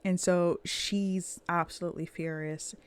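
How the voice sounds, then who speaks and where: Slow-narrating woman game master. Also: on the low side, steady tone, smooth, no echo. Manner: slow, dramatic storytelling.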